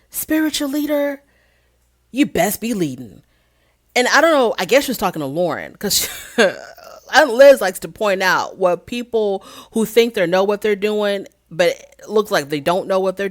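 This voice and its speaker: A woman casually recapping a reality show as host, telling the story in an animated way and acting out what people said. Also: medium pitch. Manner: animated storytelling, acts out quotes.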